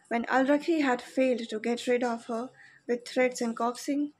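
A woman reading a short story aloud as a narrator, in an even, measured way. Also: a little high, low-quality recording.

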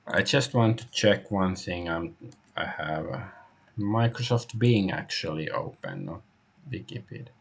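A man's voice: deep voice, sing-song, unhurried, creaky, slightly rough. A man streaming a point-and-click game, musing aloud in a hesitant, casual way. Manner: musing, hesitant, many fillers. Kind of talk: casual gameplay commentary.

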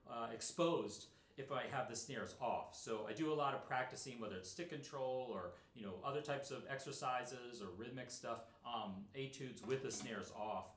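A middle-aged man teaching snare drum in a relaxed, explanatory way, with many fillers. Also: mid-range voice, echoey room. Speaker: percussion teacher. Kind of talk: instructional talk.

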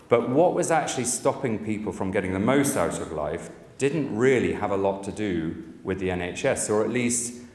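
A man speaks at a conference in a low, steady voice, telling a joke story before reflecting on his work with plenty of fillers. The sound is roomy, with a long hall reverb. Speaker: conference speaker from a cancer support service. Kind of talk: conference talk with a humorous story.

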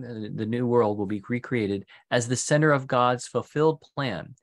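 A Franciscan priest giving a recorded retreat talk, speaking in an earnest preaching cadence with frequent pauses and "uh" fillers. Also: male voice, lowish voice. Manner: earnest preaching cadence, builds lists of phrases.

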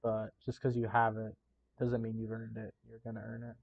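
A man's voice: fairly low pitch, completely flat delivery, brisk, vocal fry, muffled recording, slight background noise. A man casually chatting in a reaction vlog, emotional and full of fillers. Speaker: YouTuber reacting to a Navy boot camp video.

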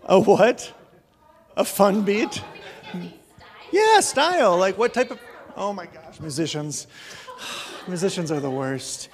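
A man's voice: high-pitched, very animated, takes it slowly, long pauses. A middle-aged man preaching a casual, joking sermon to his congregation. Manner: joking, chatty, self-deprecating. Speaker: pastor. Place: church hall.

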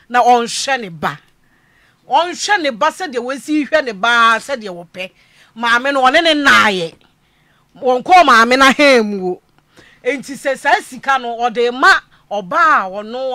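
A woman hosting a radio talk show, excitable, often exclaiming and repeating her phrases. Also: fairly high pitch, no echo. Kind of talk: lively panel chat on a listener's family problem.

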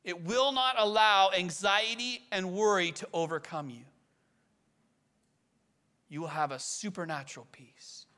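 A man preaching a sermon, earnest and conversational, asking rhetorical questions and slowing down to lean on key phrases. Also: sits high, bright, forceful tone. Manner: slows and leans on key phrases. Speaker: pastor.

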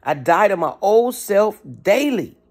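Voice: medium pitch, big pitch swings, a little slow, darkish tone. A motivational speaker who talks in an emphatic, preachy way with casual slang. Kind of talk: motivational talk.

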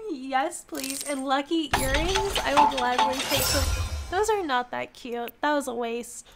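High-voiced, dramatic woman streamer. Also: measured pace, a little hiss or hum. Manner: profane, dramatic and stammering. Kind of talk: live game stream commentary.

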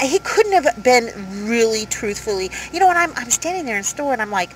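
A woman's voice: fairly high pitch, fairly quick, hardly any pauses, slight background noise, rough recording. Chatty woman in her fifties, rambling. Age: 50s. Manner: rambling, animated storytelling with many fillers. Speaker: vlogger. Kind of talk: casual vlog talk to camera. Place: inside her van.

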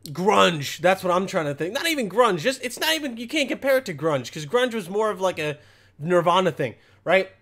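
A man's voice: high-pitched, a bit bright. A young man hosting comedic reaction commentary, rambling crudely in a mock-outraged way. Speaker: commentary host.

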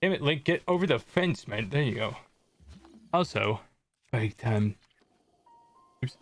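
A young streamer chats about his gameplay, joking with viewers and reading chat aloud. His mid-range voice has lively intonation and an unhurried pace, with faint music in the background.

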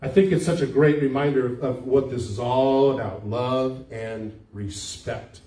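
A man's voice: mid-range voice, steady tone, a little slow, dark tone. An older man, a pastor, giving a conversational sermon and putting questions to the congregation. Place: church sanctuary. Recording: echoey church hall, mic from far off.

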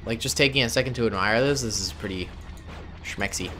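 A man's voice: medium pitch, a little fast, pushed and bright, slight background noise. A man giving casual, playful commentary over his own gameplay as a gaming host, joking with his viewers. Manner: playful, jokey, talks to viewers as "boys". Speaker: gaming YouTuber.

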